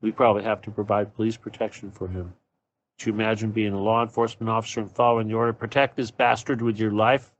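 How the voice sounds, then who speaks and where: Speaking quickly in a low, level voice, a man hosts his own show with a solo political rant. He's blunt, profane, sarcastic and mocking throughout.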